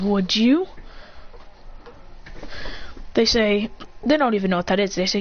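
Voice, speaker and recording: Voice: mid-range voice, measured pace, pauses often. A casual storyteller who rambles through a fan story, often restarting sentences and acting out the characters' lines. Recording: dull lo-fi recording with faint hiss.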